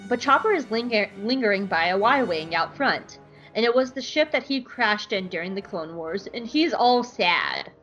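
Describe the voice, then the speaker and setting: A woman's voice: medium pitch, animated, normal speed, fairly bright tone, dull audio, soft background music. A young woman hosting a podcast, chatting casually and giggly through an episode recap. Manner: chatty, giggly, lots of fillers. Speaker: podcast host.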